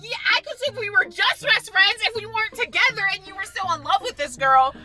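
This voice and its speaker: A woman's voice: extremely high pitch, expressive, quick pace, pushed and bright. A woman in her car arguing in a comedic couple skit, exasperated and scolding in disbelief.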